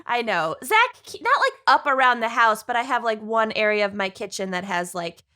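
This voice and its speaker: A woman's voice: a little high, lively intonation, moderate pace, bright, forceful tone. A woman co-hosting a podcast in casual, giggly chat. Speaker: podcast co-host.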